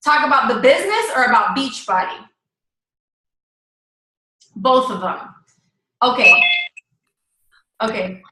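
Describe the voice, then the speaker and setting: A woman talks her team through a casual live-stream coaching session, chatty and enthusiastic. Her voice sits high and sounds bright and sharp. The room around her is echoey. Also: sing-song, slow, pauses often. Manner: chatty, enthusiastic, talks straight to viewers as "guys".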